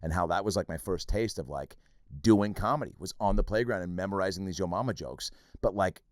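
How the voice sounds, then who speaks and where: Lower-pitched man gabbing fast on his podcast, swearing a lot, voice bouncing all over, dry close sound. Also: no room sound. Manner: animated, profane, rapid storytelling. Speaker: podcast host, comedian. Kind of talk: casual chat, storytelling.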